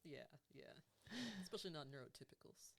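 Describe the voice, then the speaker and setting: A woman's voice: very deep voice, fast talker. A woman life coach co-hosting a podcast, chatting casually, laughing often and swearing now and then.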